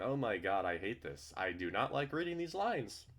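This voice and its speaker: A man's voice: on the low side, sing-song, moderate pace, few pauses, a bit bright. A man reading a visual novel aloud for his channel and commenting between lines, prone to exasperated, profane outbursts. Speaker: let's-play host reading a visual novel. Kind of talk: read-through with commentary.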